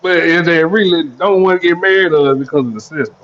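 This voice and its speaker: A man's voice: a little high, fairly quick, a crowd in the background. A man with a Southern country accent hosting a casual podcast chat, often stammering and repeating words. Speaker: podcast host. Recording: slightly muffled recording.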